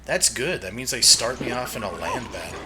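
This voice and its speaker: A man's voice: medium pitch, lively intonation, a little fast, noisy background. A man giving casual, joking and profane commentary while he streams a game. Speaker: gaming streamer. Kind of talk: casual let's-play commentary.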